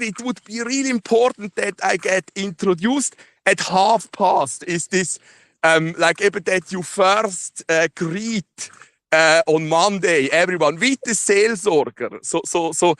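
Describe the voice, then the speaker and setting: Halting Swiss German-accented man on a call. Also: high voice, a bit bright. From Switzerland. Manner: halting, many fillers and restarts, laughs often. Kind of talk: casual phone call debrief. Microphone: phone.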